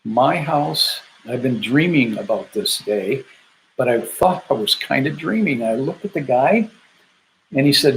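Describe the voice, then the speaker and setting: An older man from Michigan, a military veteran, telling a personal story in an animated way and acting out the people in it. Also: mid-range voice, unhurried, long pauses, slight background noise, rough recording. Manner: animated, acts out the voices of people in his story.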